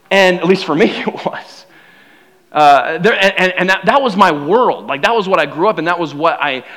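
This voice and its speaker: A young man preaching a sermon, casual and animated, acting out quotes as he tells stories. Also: high-pitched. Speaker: pastor.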